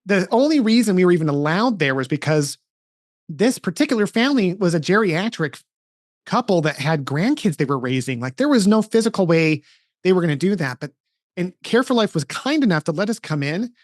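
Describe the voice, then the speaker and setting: A middle-aged man talks in an earnest, storytelling way, his voice sitting a bit high for a man. He often backs up and restarts his sentences. The sound is dry and close. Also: big pitch swings, a little fast, no room sound. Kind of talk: casual interview chat.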